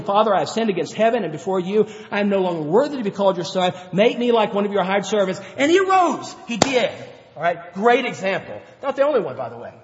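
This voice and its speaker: A man preaching a sermon, telling Bible stories in an animated way and acting out the characters. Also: sits high, quick pace, hardly any pauses. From grew up on a farm. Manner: animated storytelling, acts out Bible characters, chuckles. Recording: dull lo-fi sound with long hall reverb.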